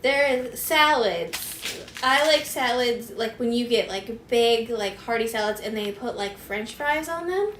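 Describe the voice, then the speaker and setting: A woman co-hosts a crafting show, telling chatty stories and quoting people with lively energy. Her voice is a little high. The recording is roomy and echoey, with faint hiss. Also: a little slow. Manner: chatty, quotes others in an animated way. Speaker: co-host. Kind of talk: casual chat while crafting. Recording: echoey room with faint noise.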